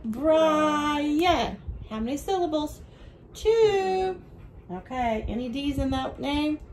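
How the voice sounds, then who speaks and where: High, lively woman teaching little kids. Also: slight background noise, poor audio. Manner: bright, sing-song teacher voice, slow and clear with the children. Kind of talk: home video lesson for young children. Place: room at home with children.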